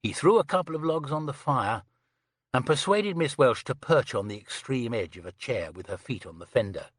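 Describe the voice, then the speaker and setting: A man narrating a classic detective novel with expressive storytelling. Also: mid-range voice, moderate pace, slightly rough, no room sound, clean studio sound. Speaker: audiobook narrator. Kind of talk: scripted narration.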